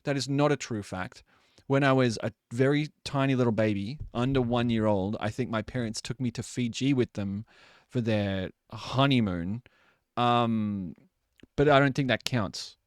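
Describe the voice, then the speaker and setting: A man's voice: medium pitch, no room sound, studio quality. A man in his late twenties or thirties, a streamer chatting casually with his live chat and laughing often. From Australia.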